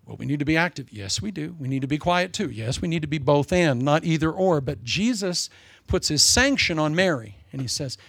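An older man preaching a sermon in a folksy, humorous way, swinging between loud emphasis and soft asides. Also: fairly high pitch, lively intonation, brisk, gravelly, husky, no echo, studio quality.

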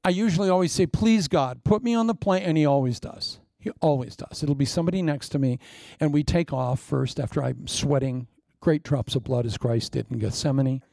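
A man's voice: mid-range voice, brisk, creaky, mellow, no room sound, clean studio sound. An older man preaching as a pastor, telling humorous stories with a jokey, self-mocking manner and acting out quotes. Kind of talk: humorous storytelling sermon.

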